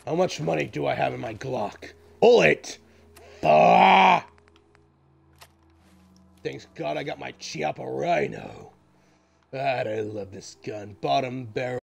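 A man's voice: mid-range voice, sing-song, moderate pace, vocal fry, slightly rough. A man giving crude, swaggering gameplay commentary while role-playing a greedy landlord, swearing constantly. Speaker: gaming YouTuber.

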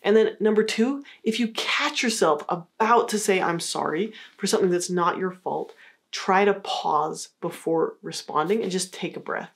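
A woman psychologist giving a calm, encouraging educational talk, acting out example phrases in a lighter voice. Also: medium pitch, moderate pace, vocal fry. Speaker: psychologist teaching a course. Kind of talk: scripted educational explainer.

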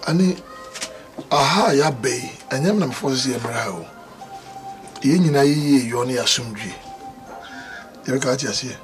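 Casting: a man as a Ghanaian husband giving calm advice, mid voice, clear film music behind. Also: medium pitch, fairly quick, pauses often, natural voice. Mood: advising. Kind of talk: film acting. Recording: film score clearly underneath.

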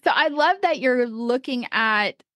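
A woman's voice: a little high, animated, unhurried, a bit bright, no room sound. A woman hosting a casual interview, enthusiastic and coaching, full of praise for her guest. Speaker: podcast host. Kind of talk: casual encouraging interview chat.

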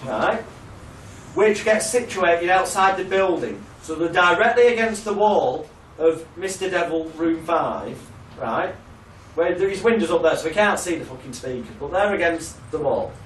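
A man's voice: on the high side, animated, normal speed, roomy sound, far from the mic, a little hiss or hum, low-quality recording. A man teaching a hypnotherapy class in a loose, chatty storytelling way, swearing freely and laughing at his own stories. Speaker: hypnotherapy trainer. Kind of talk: casual storytelling lecture.

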